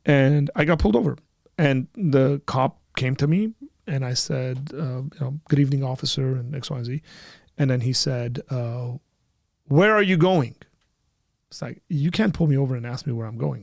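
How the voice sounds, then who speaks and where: A man with a gravelly, mid-pitched voice hosts a live call-in show, telling a story in an emphatic, conversational way. His pitch jumps when he gets heated. The sound is dry and close, with no room echo. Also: darkish tone. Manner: acts out both sides of remembered dialogue. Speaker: host of a call-in apologetics panel. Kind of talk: live call-in discussion, personal anecdote.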